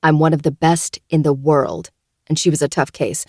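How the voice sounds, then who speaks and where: A woman's voice: low-pitched, moderate pace, darkish tone, dry recording, studio quality, natural voice. A woman voicing a venomous, cornered young woman who seethes, screeches and pleads. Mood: seething.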